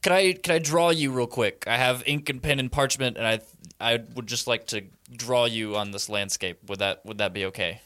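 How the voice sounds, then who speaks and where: A man's voice: mid-range voice, normal speed, bright, forceful tone, lightly acted. A man voicing a polite, hesitant adventurer who stammers his requests. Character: polite, fumbling adventurer-artist.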